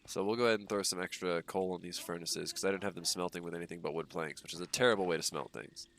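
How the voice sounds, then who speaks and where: A man's voice: sits low, fast, a little hiss or hum. A young man with a stuffy nose, rambling casually with lots of ums while he streams a game. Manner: relaxed, rambling, frequent ums and uhs. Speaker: gaming streamer. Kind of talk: casual livestream commentary while playing.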